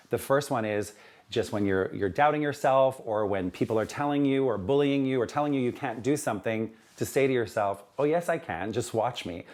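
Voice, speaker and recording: A man's voice: mid-range voice, darkish tone. A man, a children's book author, talking earnestly in an interview and telling his story with many "you know"s.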